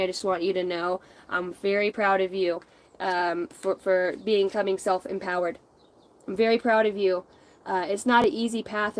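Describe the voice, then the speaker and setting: A woman's voice: mid-range voice, low-quality recording. Blunt, rambling middle-aged woman reader. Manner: rambling, blunt and profane, laughs often. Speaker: intuitive tarot reader. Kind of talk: casual spiritual channel reading.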